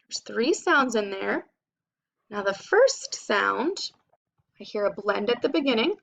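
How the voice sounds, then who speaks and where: A woman teacher giving a phonics lesson to children, spelling out sounds slowly and clearly. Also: a little high, sing-song, a bit bright.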